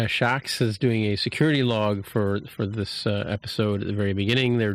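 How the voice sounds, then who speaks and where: A man's voice: lowish voice, gravelly. A man hosting a podcast, casually recapping a TV episode in a rambling way with lots of fillers and restarts, a little under the weather. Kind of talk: casual chat.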